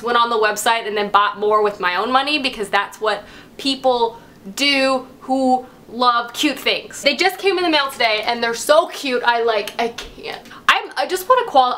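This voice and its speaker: A young woman talking casually in a book vlog, gushing and excitable. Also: a little high. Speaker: book vlogger. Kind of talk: casual chat.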